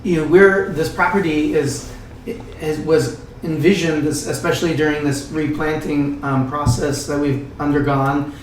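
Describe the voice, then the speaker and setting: Croaky-throated man, roomy and distant. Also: a little high, steady tone, unhurried, slight background noise. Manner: rambling, many fillers and restarts. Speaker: winemaker. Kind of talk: casual podcast chat. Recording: roomy sound, distant mic.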